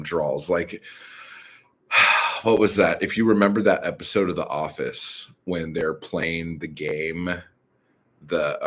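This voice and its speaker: Slow, low-voiced man rambling casually. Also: sharp tone. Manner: profane, rambling, filler-heavy. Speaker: live stream host.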